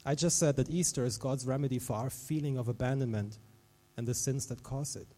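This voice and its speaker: A man preaching a sermon as a pastor, animated, dropping to a hush and then rising to loud, emphatic lines. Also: mid-range voice, brisk, long reverb tail. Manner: animated, swings from hushed to loud.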